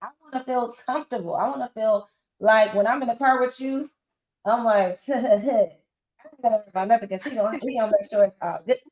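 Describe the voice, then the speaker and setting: A lively woman in her forties talks through her experiences like a friend catching up, slipping into other people's voices as she quotes them. Her voice carries a roomy echo around it. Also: fairly high pitch, a little fast. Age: 40s. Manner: animated storyteller acting out quotes. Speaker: interview guest. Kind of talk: casual interview talk.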